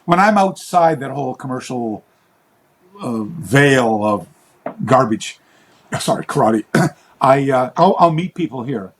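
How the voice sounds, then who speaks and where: A man's voice: mid-range voice, animated, a little slow, long pauses, husky. A man, a karate teacher and researcher, telling long rambling stories in an interview, often restarting his sentences and acting out the voices of others. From Western. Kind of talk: interview storytelling.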